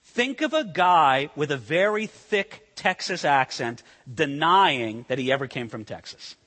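A man preaching a sermon, swinging between loud emphasis and hushed intensity. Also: on the high side, animated, a little slow, in a large hall. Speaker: pastor.

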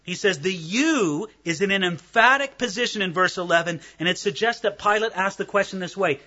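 High-pitched guy preaching a sermon, bright voice, acts out the quotes, kinda muffled recording. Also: brisk, few pauses. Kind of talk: expository sermon.

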